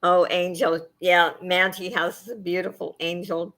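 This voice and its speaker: A middle-aged woman hosting a casual chat with her viewers, soft-spoken and emotional, wandering from thought to thought with many fillers. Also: on the low side, flat delivery, unhurried, hardly any pauses. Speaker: channel host chatting with viewers.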